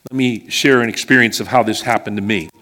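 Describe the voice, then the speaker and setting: A middle-aged man from western Pennsylvania preaches a sermon, telling a personal story chattily and checking in with the congregation along the way. His voice is on the low side, steady, fast, and sharp in tone.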